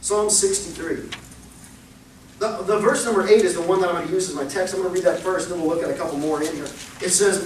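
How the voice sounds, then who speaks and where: High-voiced preacher in an echoey church. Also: male voice, a little fast, a little hiss or hum. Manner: animated storytelling, acts out quoted voices. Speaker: pastor. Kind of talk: sermon. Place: church sanctuary. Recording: echoey church recorded from far off.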